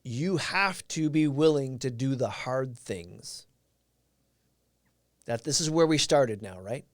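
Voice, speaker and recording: A man's voice: mid-range voice, lively intonation, slow, no echo, studio quality. A man whose first language is Portuguese, hosting a live stream and giving an earnest, reflective motivational talk while answering viewers' comments.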